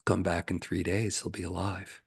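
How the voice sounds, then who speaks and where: A man's voice: deep voice, little pitch movement, moderate pace, gravelly, breathy edge, exaggerated voice. A man voicing a devout male saint in a spoken parable, earnest and pleading with his god. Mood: calm. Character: devout male saint, calm turning anxious.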